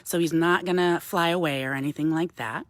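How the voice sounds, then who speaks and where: A woman wildlife educator giving a live-streamed talk outdoors on a woodland path into a handheld phone, explaining calmly to viewers and cooing softly to the bird between. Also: sits low, fairly quick, no echo.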